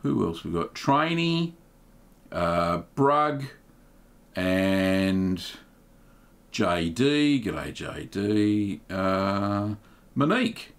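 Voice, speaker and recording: A middle-aged man, hosting a casual livestream in a relaxed, chatty way, with plenty of ums and uhs. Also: deep voice, drawn-out words, long pauses. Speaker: livestream host.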